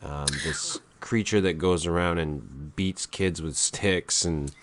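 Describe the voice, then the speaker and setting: A man hosting a casual webcast, speaking in a calm, low-key radio-style delivery that rambles with fillers and the odd swear. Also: slow pace. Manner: rambling, with frequent fillers and profanity. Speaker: podcast host.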